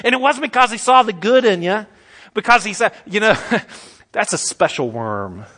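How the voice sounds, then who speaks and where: A man's voice: high voice, moderate pace, pushed and bright. A man preaching a sermon, fiery and emphatic, stretching out his stressed words.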